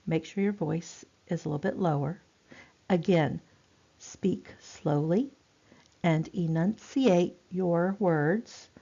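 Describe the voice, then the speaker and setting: A woman gives a nursing lecture, talking casually and circling back with fillers. Her voice sits low with a gravelly edge. The recording sounds dull and lo-fi. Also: a little mellow. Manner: chatty, repeats herself, many fillers. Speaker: nursing instructor.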